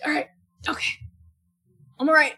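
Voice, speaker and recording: A woman playing a tabletop role-playing game, speaking softly and soothingly. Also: normal speed. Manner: soft, soothing in character. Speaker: player.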